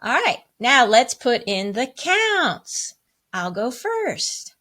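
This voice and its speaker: A woman's voice: fairly high pitch, sing-song, slow, noisy background. A woman teaching a music lesson to children, upbeat and encouraging as she counts rhythms aloud.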